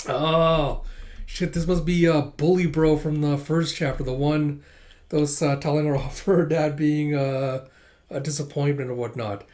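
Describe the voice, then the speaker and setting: A man's voice: a little high, fairly even intonation, moderate pace, darkish tone. A man doing a casual read-through of a manga chapter, chatty, with asides and laughs.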